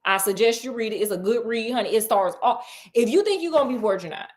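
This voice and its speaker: A woman's voice: a little high, expressive, fast talker. A woman retelling a book in a sassy, chatty, comedic way with laughing asides. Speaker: storyteller.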